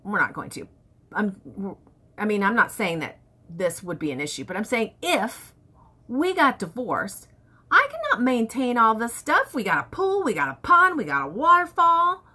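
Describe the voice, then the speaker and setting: A woman's voice: a little high, bright, forceful tone, breathy edge. A woman vlogger chatting candidly to camera, telling stories from home life. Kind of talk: casual chat to camera.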